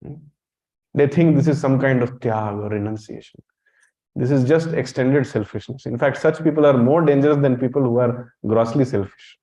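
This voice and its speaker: A man's voice: medium pitch, normal speed, dark tone. Guy giving a temple talk, blunt and teasy, keeps quizzing the crowd, kinda dull lo-fi recording. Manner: blunt, teasing, quizzes the audience. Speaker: monk lecturer. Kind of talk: temple lecture.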